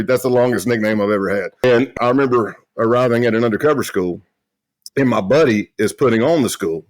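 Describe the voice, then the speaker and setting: A middle-aged man, a retired federal agent from South Carolina, telling stories in a loud, brash, boisterous way in a casual interview. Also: medium pitch, brisk, no room sound. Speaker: guest, retired FBI agent.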